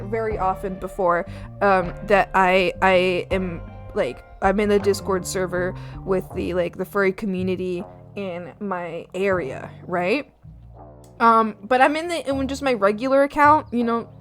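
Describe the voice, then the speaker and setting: A young woman streaming her art from home, chatting casually with viewers, giggling often and yelling playfully at her pets. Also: medium pitch. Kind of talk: casual live-stream chat.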